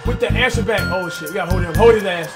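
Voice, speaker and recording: A young man loudly commentating his own basketball video game, rough and hyped, shouting and trash-talking. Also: sits high, quick pace, over loud music. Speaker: gaming YouTuber. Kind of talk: loud live game commentary.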